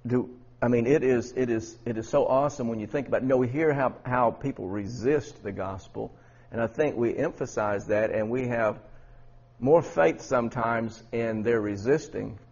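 A man's voice: medium pitch, creaky, darkish tone, breathy edge, lo-fi sound. A man preaching a Bible lesson in a conversational way, with many restarts and rhetorical questions. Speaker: preacher teaching a Bible study. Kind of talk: sermon.

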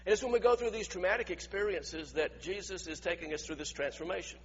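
Male preacher, conversational sermon, high husky voice, echoey hall. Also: fast, muffled recording. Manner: conversational, asks the audience questions.

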